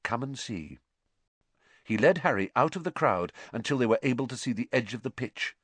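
A man reading a story aloud as an audiobook narrator, in a lively, dramatic storytelling manner. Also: mid-range voice, fast, breathy edge, no room sound.

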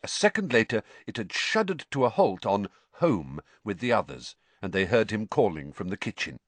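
A man narrating an audiobook in an expressive storytelling manner. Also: lowish voice, a little fast, dry recording.

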